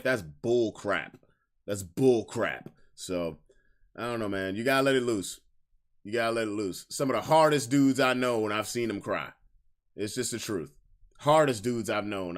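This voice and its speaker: A man's voice: medium pitch, fairly bright tone. Candid slangy young man chatting. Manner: candid, emphatic, slangy, repeats himself for emphasis. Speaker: podcast host. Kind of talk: casual livestream chat.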